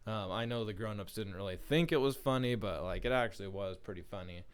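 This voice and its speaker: A man voicing a mischievous young shepherd boy in a storybook tale, shouting in high, frantic cries. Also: a little fast, clear, resonant tone, close to an everyday voice. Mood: scheming.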